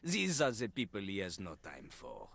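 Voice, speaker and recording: A man's voice: low-pitched, wildly swooping pitch, normal speed, creaky, a bit bright, breathy edge, no room sound, full character voice. An actor voicing a cocky male toilet-man rapper in a video game, with a French accent, bragging in rhyme over a hip hop beat. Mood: smug. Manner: brags in rhyme, sing-song rapping. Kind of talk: video game character acting.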